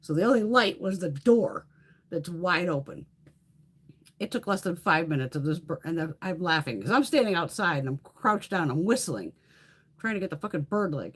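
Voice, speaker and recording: Husky-voiced woman, animated and foul-mouthed. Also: mid-range voice, moderate pace. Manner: animated storytelling with frequent swearing. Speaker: beauty livestream host. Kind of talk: casual chat.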